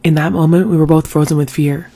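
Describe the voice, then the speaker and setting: A man in his twenties reads out a first-person story at a brisk clip. His voice sits a little high, and he keeps an even, steady delivery throughout. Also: breathy edge. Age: 20s. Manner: fast, steady reading of a tense personal story. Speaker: storytime narrator.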